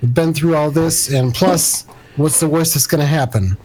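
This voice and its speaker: A man's voice: a little high, moderate pace, a loud crowd, close to an everyday voice, low-quality recording. A man voicing a guarded, suspicious female hero in a tabletop game, speaking in a reserved, dry way. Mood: wary. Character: guarded suspicious woman hero, wary mentor.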